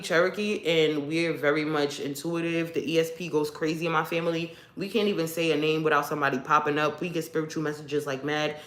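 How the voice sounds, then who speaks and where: A woman's voice: low voice, a bit bright, roomy sound. A woman hosting a casual livestream who tells rambling stories, laughs often, and sounds congested. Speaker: livestream host. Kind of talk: casual chat with viewers.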